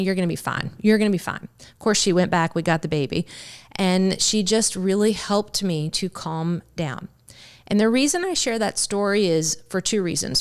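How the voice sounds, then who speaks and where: A woman's voice: medium pitch, clear, resonant tone. A middle-aged woman hosting a mindfulness podcast, telling a personal story in an earnest way and often repeating words as she searches for them. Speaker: podcast host and mindfulness teacher.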